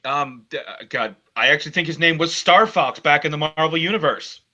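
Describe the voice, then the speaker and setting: A man's voice: on the high side, lively intonation, fairly quick, sharp tone. A man co-hosting a casual geek news chat, blunt and profane, joking as he argues. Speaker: co-host. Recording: lo-fi recording.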